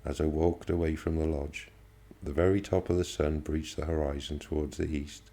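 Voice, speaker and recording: A man reading a first-person novel aloud as an audiobook, in a steady, measured manner. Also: very deep voice. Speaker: audiobook reader.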